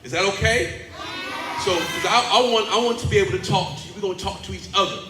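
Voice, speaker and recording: A man speaking as a motivational speaker and teaching artist at a school assembly, playful and animated, getting the children to call back to him. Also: sits high, fast, music in the background. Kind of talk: energetic school assembly talk with call-and-response. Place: large indoor school hall. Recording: echoey hall with faint background noise.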